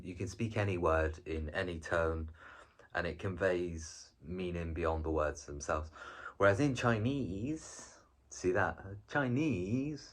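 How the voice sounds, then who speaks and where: Low-voiced man giving a casual lesson. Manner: chatty, rambling, lots of ums and restarts. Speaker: video presenter teaching Chinese.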